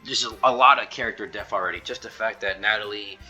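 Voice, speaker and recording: A man's voice: fairly low pitch, fast talker, bright, forceful tone, faint music behind. A man casually recapping a story in a loose, rambling way full of fillers, as a video reviewer.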